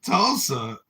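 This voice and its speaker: Give me a man with a wildly swooping voice mockingly shouting in a put-on English accent. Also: high-pitched, creaky. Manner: shouty, over-the-top, mocking. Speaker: parody political podcaster. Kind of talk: mock rant on a live audio chat.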